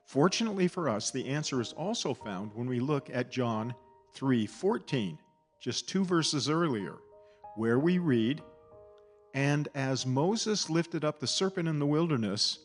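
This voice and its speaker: A man giving a scripted, measured Bible teaching who slows to stress key words. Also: mid-range voice.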